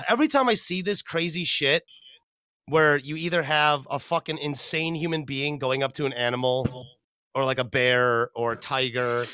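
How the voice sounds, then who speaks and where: Excitable, high-voiced man hosting a podcast. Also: dry recording, studio quality. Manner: excitable, profane, laughing a lot. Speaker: podcast host. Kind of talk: casual livestream podcast chat.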